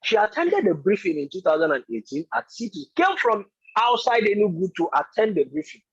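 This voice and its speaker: Husky, emphatic man coaching. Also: high voice, big pitch swings, fairly quick, no room sound, dull audio. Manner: emphatic, repetitive, preaching. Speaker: business coach. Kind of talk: motivational talk.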